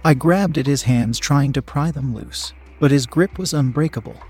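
A man narrating a story in a steady, even reading voice. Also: mid-range voice, normal speed, husky, faint music behind. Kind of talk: audiobook-style story reading.

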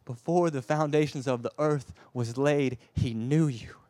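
A man with a mid-range voice preaches passionately and unhurriedly, shifting between hushed, tender passages and loud, emphatic ones. He often stammers and repeats words as he drives his points home; there is no echo.

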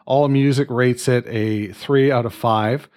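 A man's voice: mid-range voice, steady tone, a little slow, darkish tone. A man, from Canada, hosting a casual podcast chat in an upbeat, joking way. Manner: upbeat, joking, loosely scripted. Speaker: podcast host.

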